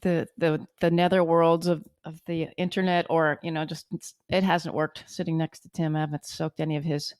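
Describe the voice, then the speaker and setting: Low-voiced, playful podcast co-host woman. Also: little pitch movement, normal speed, few pauses, darkish tone, no room sound, clean studio sound. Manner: playful, chatty, teasing. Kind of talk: casual chat interview.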